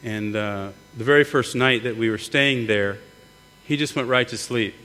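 A man's voice: mid-range voice, moderate pace, bright, forceful tone. A middle-aged man preaching a sermon earnestly, often repeating words as he builds. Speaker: pastor. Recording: long hall reverb, mains hum.

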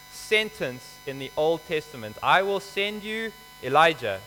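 A man's voice: on the high side, animated, normal speed, pushed and bright. A man preaching a sermon, explaining scripture in a conversational, emphatic way. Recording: hall reverb with faint mains hum.

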